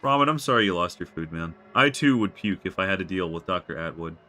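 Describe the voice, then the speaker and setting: A man's voice: low voice, fast talker, pushed and bright. A man livestreaming a game, talking to chat in an exasperated, emotional way, stammering and swearing. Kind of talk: casual live game commentary.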